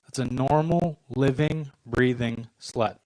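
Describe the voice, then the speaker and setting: A man in his twenties performing a stand-up comedy set on a club stage, with a deadpan, self-deprecating delivery and short punchlines. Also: medium pitch, slow, no room sound, poor audio. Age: 20s.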